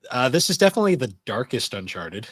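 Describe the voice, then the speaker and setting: A man's voice: medium pitch, sing-song, fast, fairly bright tone, no echo. A man hosting a casual gaming podcast, talking steadily and reviewing games point by point. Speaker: podcast host.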